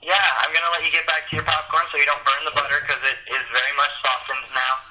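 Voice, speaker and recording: A man's voice: on the high side, little pitch movement, fast talker. A man calling in to a friend's live stream, chatting casually and laughing easily. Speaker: caller, friend of the host. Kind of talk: casual phone chat. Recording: echoey with background noise.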